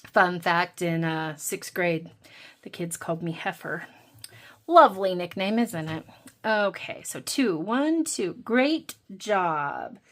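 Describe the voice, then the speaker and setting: A woman's voice: fairly low pitch, lively intonation, takes it slowly. A woman hosting a budgeting channel, chatting casually and thinking aloud while she counts and scratches off savings challenges.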